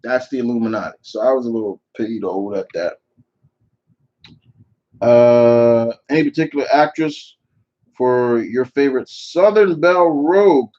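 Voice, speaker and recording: A man's voice: mid-range voice, a little slow, highs cut off. A man hosting a live viewer Q&A, giving opinionated answers that ramble with frequent restarts. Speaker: channel host answering viewer questions. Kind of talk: live Q&A chat.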